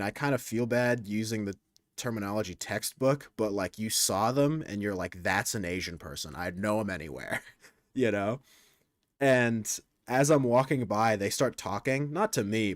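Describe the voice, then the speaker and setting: A young adult man with a lowish voice chats casually to his stream audience, recorded cleanly in a studio with no room sound. He rambles, speaks crudely, and often cuts himself off to restart sentences.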